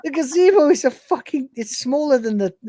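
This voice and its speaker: A man, co-hosting a casual review chat, animated and sweary, acting out lines from the show between laughs. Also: very high voice, a little fast, a crowd in the background. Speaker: podcast co-host.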